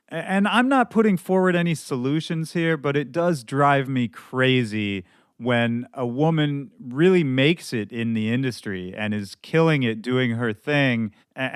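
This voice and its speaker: Hoarse male podcast host. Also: medium pitch, no echo, clean studio sound. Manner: candid, loose and conversational, with some swearing. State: hoarse from shouting at a show. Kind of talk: casual podcast monologue.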